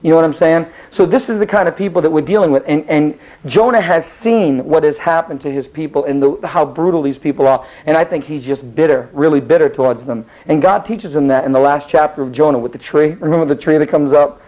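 A man's voice: a little high, a little fast, few pauses. A man teaching a Bible class in a casual, rambling storytelling style, acting out the characters as he goes. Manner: rambling, animated, acts out the characters. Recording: dull lo-fi recording.

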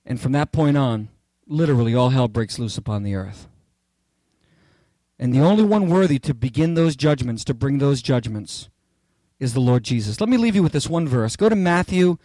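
A male pastor preaching a sermon in an emphatic, repeating way that climbs to near-shouts on key phrases. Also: mid-range voice, animated, moderate pace, dry recording. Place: church.

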